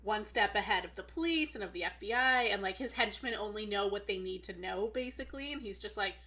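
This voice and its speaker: A woman's voice: medium pitch, a little fast, bright, forceful tone. A woman co-hosting a film podcast in casual chat, enthusiastic and storytelling. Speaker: podcast co-host.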